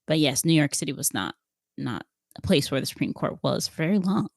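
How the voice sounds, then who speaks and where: A woman's voice: low-pitched, expressive, a little fast, creaky, darkish tone, no room sound. Dry-sounding woman podcast co-host. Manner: guides the talk with questions to her co-host. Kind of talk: explanatory podcast conversation.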